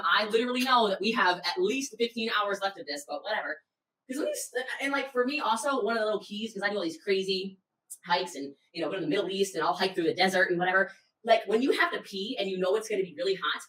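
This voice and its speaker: A fast-talking woman tells a story with a bright, forceful voice, acting out every quote and swearing. She sits a little away from the mic in a roomy, echoey space. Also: medium pitch, expressive, far from the mic. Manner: dramatic, acts out quotes, swears, loud outbursts. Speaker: business leader telling a story. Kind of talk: animated storytelling to camera.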